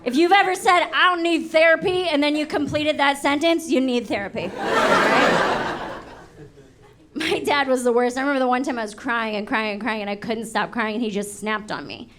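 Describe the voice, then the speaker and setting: A woman's voice: high voice, moderate pace, crowd noise. A young woman performing a stand-up comedy set, brash and swearing, slipping into acted voices, recorded live at a show. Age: young adult. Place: comedy show before a laughing audience. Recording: live show with audience noise.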